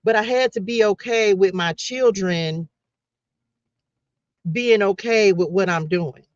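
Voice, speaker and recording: A woman's voice: medium pitch, takes it slowly, dry recording, lo-fi sound. Emphatic middle-aged woman on a live stream. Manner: emphatic, repetitive, preacher-like, addresses viewers as y'all. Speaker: faith livestreamer. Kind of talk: casual live-stream talk to viewers.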